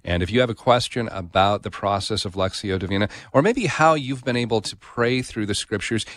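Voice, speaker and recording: A man's voice: on the low side, fairly quick, a bit bright, no room sound, clean studio sound. A man hosting a call-in religious radio show, talking in a friendly, plain way with small "uh" fillers. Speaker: radio host.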